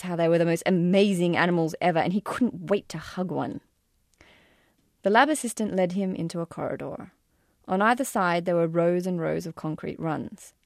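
A woman's voice: on the low side, creaky, no echo, studio quality. A woman reading aloud from her own memoir in a wry, self-deprecating way. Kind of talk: audiobook-style memoir reading.

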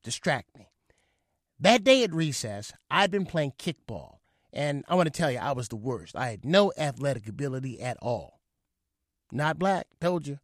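Animated man telling a memoir. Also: a little high, no echo, clean studio sound. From California, United States. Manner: animated, wry comic delivery. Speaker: storyteller. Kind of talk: solo stage memoir storytelling.

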